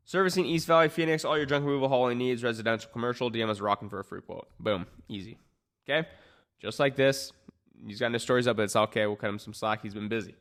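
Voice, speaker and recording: Brief: male marketing coach, mid-pitch, casual and emphatic, lots of fillers. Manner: energetic, emphatic, many "like" fillers. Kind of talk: casual talking-head advice.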